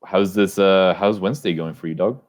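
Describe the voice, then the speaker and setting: Young guy cohosting a podcast, deep voice, rambles and swears a lot. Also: fairly quick. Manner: rambling, swears casually, many restarts. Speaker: podcast co-host. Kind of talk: casual podcast chat.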